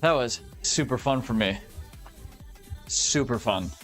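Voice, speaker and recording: A man's voice: mid-range voice, takes it slowly, soft background music. A young adult man telling profane, ranting stories in casual chat while streaming. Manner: profane, ranting, animated storytelling.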